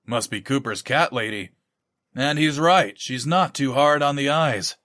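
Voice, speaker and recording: A man's voice: mid-range voice, unhurried, fairly bright tone, no room sound, clean studio sound, lightly acted. A man voicing an ordinary, crude, short-tempered man who talks bluntly. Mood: leering.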